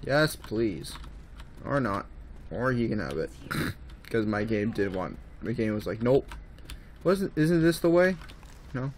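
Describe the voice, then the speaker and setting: Slow-talking man narrating his gameplay. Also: medium pitch, slight background noise. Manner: running commentary that swings from mumbling to excited yelps. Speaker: gaming video host. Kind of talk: casual let's-play commentary.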